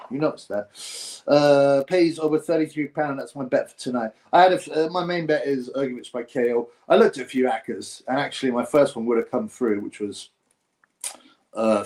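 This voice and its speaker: A man's voice: medium pitch, darkish tone. A man hosting a casual boxing live stream, reading viewer comments in a rambling, mocking way with bits of mimicry.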